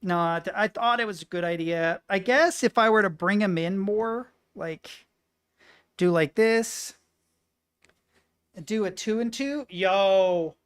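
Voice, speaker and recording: A woman streamer chatting casually to her viewers, swearing and excitable, muttering between outbursts. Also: mid-range voice, slow, smooth. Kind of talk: casual live-stream chat.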